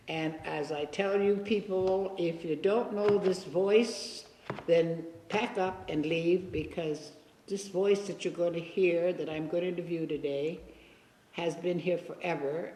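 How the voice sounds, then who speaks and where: A woman's voice: lowish voice, warm tone. A woman hosting a local interview show, chatty and playful, laughing often. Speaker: talk show host. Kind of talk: casual interview chat. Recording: echoey hall with long reverb.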